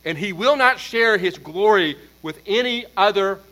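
A man preaching an expository sermon as pastor, emphatic, building force on repeated points and then dropping low. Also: lively intonation, normal speed, bright, forceful tone, rough recording.

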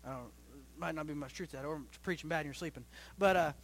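A young man preaching a sermon to his church as pastor, swinging between loud rising bursts and low quiet stretches, often repeating and restarting phrases. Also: quick pace.

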